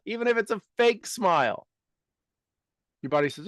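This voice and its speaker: A man's voice: a little high, expressive, moderate pace, dry recording, studio quality. Man coaching with rhetorical questions. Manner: rhetorical questions, repeats phrases for emphasis. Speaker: speaker leading a self-help talk. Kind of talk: coaching talk with guided exercises.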